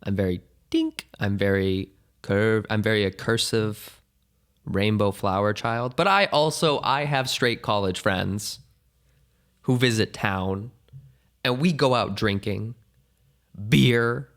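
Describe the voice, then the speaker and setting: Hoarse young man rambling on a podcast. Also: on the low side, takes it slowly, a bit bright. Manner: rambling, jokey, self-deprecating. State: hoarse, weak voice. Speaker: podcast host. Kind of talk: casual solo podcast chat.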